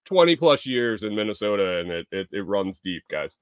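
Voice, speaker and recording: This man tells a long, rambling story with a lot of swearing, and his pitch rises and falls in an animated way. He sounds exasperated. The recording is dry and close to the mic, with no room sound. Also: moderate pace, clear, resonant tone, no room sound. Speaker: vlogger. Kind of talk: casual storytelling.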